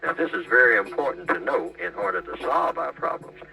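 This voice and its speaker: A man's voice: a little high, sing-song, brisk, gravelly, bright, forceful tone, no echo. A man lecturing an audience, asking rhetorical questions as he makes his points. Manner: preachy, poses rhetorical questions. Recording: distant clip with faint music.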